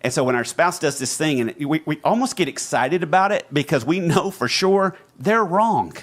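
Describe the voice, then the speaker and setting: A man's voice: on the high side, expressive, normal speed. A middle-aged man hosting a podcast, giving earnest advice in a casual teaching way and leaning into his key points. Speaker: podcast host.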